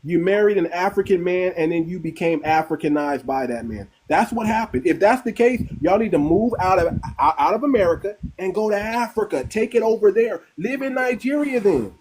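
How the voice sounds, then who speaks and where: A man hosting a live online audio room, arguing forcefully and repeating phrases for emphasis. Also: high voice, lively intonation, fairly quick, hardly any pauses, rough recording. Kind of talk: heated live-stream debate.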